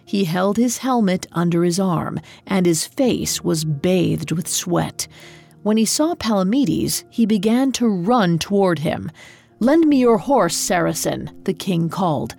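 A woman tells an old legend in a slow, measured storybook narration. Her voice is dark, mellow and slightly husky. Soft music plays quietly behind her. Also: on the low side, lively intonation.

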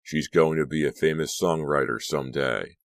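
A cheerful teenage bandleader in an audiobook, warm in his welcome, voiced by a male narrator. The voice sits very low and dry. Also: normal speed, dry recording.

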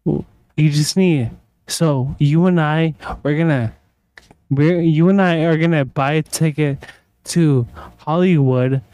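A man's voice: on the high side, slow pace, dark tone, smooth, no room sound. A drunk man co-hosting a podcast, rambling and repeating himself with bursts of laughter. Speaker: podcast co-host. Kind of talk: casual chat.

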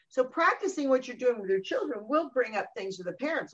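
A middle-aged woman talking about parenting in a casual conversation, animated and often acting out what other people say. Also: a little high, a little fast, few pauses. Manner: animated, acts out quoted voices. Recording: dull lo-fi recording.

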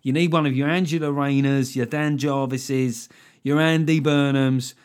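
A man's voice: medium pitch, fairly even intonation, moderate pace, smooth. A young English man hosting a podcast alone, chatting casually with sardonic, rambling asides and frequent swearing. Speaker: podcast host. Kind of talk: casual solo political chat.

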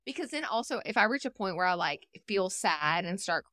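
Brief: woman podcast host, crisp, ringing tone, loose and funny, curses casually. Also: mid-range voice, fairly quick, no room sound, studio quality. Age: adult parent. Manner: animated, joking storyteller who swears freely. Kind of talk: casual chat.

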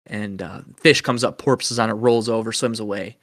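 A man's voice: lowish voice, moderate pace, no room sound, studio quality. A young man hosting a podcast, telling a story in casual chat and acting out the quotes. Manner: animated storyteller, acts out quotes. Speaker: podcast host.

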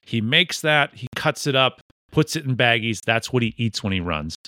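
In a casual interview, this podcast host jokes around animatedly, teases his guest and slips into funny voices. He speaks in a mid-range voice at normal speed, with clean studio audio and no echo.

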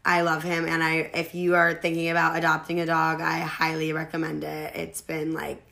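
A woman's voice: low voice, monotone, moderate pace, creaky, sharp tone. A young woman talking as a guest in a casual, heartfelt chat, with lots of "like" fillers. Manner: heartfelt, says "like" a lot.

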